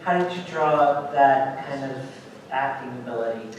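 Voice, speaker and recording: A man's voice: medium pitch, normal speed, a little hiss or hum. A man from the audience asking panel guests questions, eager and stumbling over his words. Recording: echoey hall from far off.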